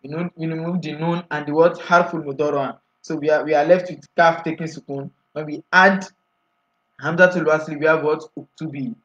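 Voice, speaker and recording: A man's voice: a little high, steady tone, fairly quick, fairly bright tone, highs cut off. A man teaching Arabic grammar in a class lecture, explaining each step and often asking the students to fill in the answer.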